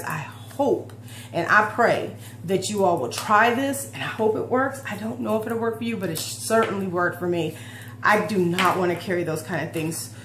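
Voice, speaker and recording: A woman's voice: medium pitch, a bit bright. A woman in her forties talking heartfelt and emotional in a personal vlog, rambling with restarts. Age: 40s. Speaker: fitness vlogger. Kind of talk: personal confessional vlog talk. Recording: roomy echo with faint hum.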